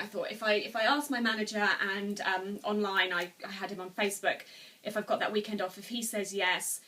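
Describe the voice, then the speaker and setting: Bright-voiced woman telling her story. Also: medium pitch, distant mic. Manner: earnest, rambling, with many restarts. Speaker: vlogger. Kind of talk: personal storytelling to camera. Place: room at home, seated.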